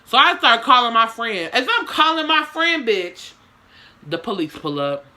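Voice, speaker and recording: A woman's voice: on the high side, sing-song, a little slow, pushed and bright. A young woman telling a story to her camera in casual slang, with swearing and lots of dramatic asides.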